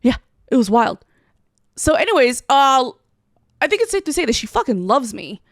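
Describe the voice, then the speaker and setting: A woman co-hosting a podcast, telling a story in casual chat, animated and swearing as she acts out quotes. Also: sits high, normal speed, no echo, clean studio sound. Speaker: podcast co-host.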